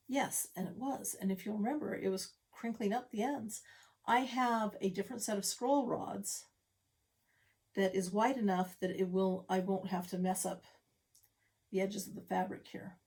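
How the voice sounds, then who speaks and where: Slightly breathless, a middle-aged woman talks through her cross-stitch projects for a casual home vlog filmed in her craft room, rambling and poking fun at herself. Her medium-pitched voice is a little mellow, with fairly even intonation and a moderate pace.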